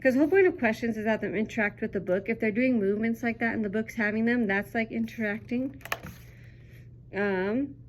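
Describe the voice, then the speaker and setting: A young woman talks through a children's book in a relaxed, upbeat way, often pausing on an um. Her voice sits a little high. A faint ambient hiss runs under it. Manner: chatty, upbeat, frequent ums. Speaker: teacher reviewing a children's book. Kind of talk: casual book review vlog.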